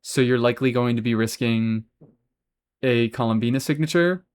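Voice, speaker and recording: A man's voice: mid-range voice, normal speed, a little mellow, smooth. A man live-streaming a game, chatting casually and answering chat, swearing freely as he talks. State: has hiccups.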